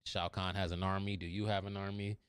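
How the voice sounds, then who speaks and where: Man putting on a gruff monster chief, lowered voice, dry and clear. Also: flat delivery, a little fast, no room sound, lightly acted. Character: menacing male monster warrior leader.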